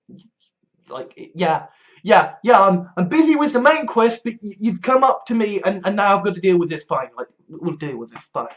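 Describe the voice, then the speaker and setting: A man in a casual rambling monologue, stumbling over restarts, swearing freely and laughing wryly at himself. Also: high-pitched. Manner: wry, laughs often. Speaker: vlogger.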